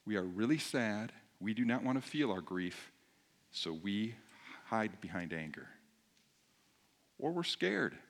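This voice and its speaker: A man preaching in a lively, conversational way, then praying quietly. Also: fairly low pitch, unhurried, pauses often. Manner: animated and conversational, rising loud when preaching. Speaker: pastor. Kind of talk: sermon then quiet prayer.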